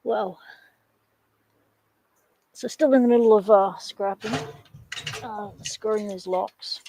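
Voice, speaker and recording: A woman's voice: mid-range voice, slow, warm tone, no echo, poor audio. An Australian woman hosting a casual livestream, rambling and chatting with viewers while she takes hardware apart. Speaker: livestream host.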